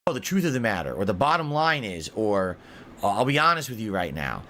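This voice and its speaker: Fast-talking man, rambling and emphatic. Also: on the low side, very animated, sharp tone. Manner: emphatic, rambling, self-defending. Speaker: online streamer in played clip. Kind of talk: defensive explanation.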